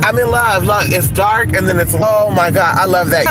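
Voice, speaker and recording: A man's voice: high-pitched, expressive, normal speed. A man live-streaming from his car, chatty and flamboyant, calling everyone honey, swearing freely and gushing. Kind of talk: casual live-stream chat while driving. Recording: loud music over the voice. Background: loud music.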